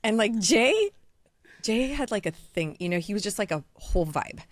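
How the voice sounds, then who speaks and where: A woman's voice: medium pitch, sing-song, dry recording, studio quality. Blunt, profane woman spinning a story. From Iowa, USA. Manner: blunt, profane, fast-talking anecdote teller. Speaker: diamond dealer, guest. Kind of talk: casual podcast storytelling.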